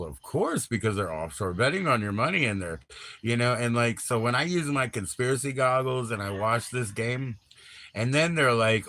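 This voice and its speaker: A man's voice: fairly low pitch, fairly bright tone, slight background noise. A middle-aged man hosting a casual livestream, rambling in slang, jumping between topics and greeting viewers in chat. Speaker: livestream host.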